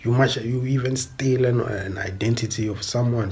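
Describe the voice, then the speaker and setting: A South African man with a medium-pitched, darkish voice rants on a stream at a moderate pace. The angry monologue is blunt and emphatic, full of swearing and repetition.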